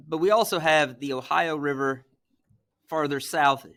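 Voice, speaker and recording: A man's voice: on the high side, measured pace, fairly bright tone. A middle-aged man from Missouri lecturing as a teacher, talking conversationally and checking in with "right?" as he goes. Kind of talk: classroom lecture.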